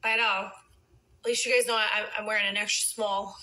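A woman's voice: medium pitch, little pitch movement, a little fast, pushed and bright, rough recording. A woman, chatting late at night with viewers on a phone livestream and cursing out trolls. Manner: brash, swears freely, talks back to trolls. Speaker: reality TV personality on a phone livestream. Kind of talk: casual livestream chat with viewers.

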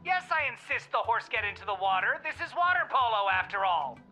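A woman voicing a brisk, deadpan female boss in a video game. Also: fairly high pitch, over music. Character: brusque female boss, gloomy humor.

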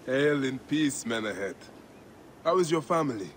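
An actor playing a grave warrior man in a video game, speaking in a solemn, steady way. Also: mid-range voice, normal speed, a little hiss or hum, lightly acted. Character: grave warrior man protecting his land.

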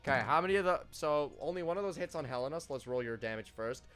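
A man's voice: on the high side, expressive, fast, a bit bright, smooth, faint music behind. A man narrating as game master of a tabletop game, loose and joking, with many fillers.

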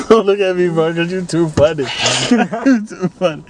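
A man's voice: sits high, expressive, measured pace, crowd noise. A young man in casual banter, laid-back and joking in slang.

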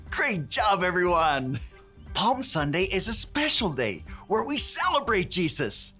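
Bouncy, slow-talking children's presenter man. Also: high voice, very animated, pushed and bright, faint music behind. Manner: bouncy, exaggerated, cheering with the kids. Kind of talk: energetic preschool Bible lesson.

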